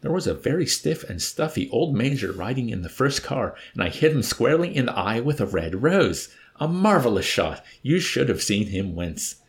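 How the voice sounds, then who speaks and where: A man's voice: medium pitch, very animated, normal speed, hardly any pauses, voice pushed up. A man voicing a suave, mocking villainous old man in an audiobook. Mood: gloating. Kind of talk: audiobook character voice.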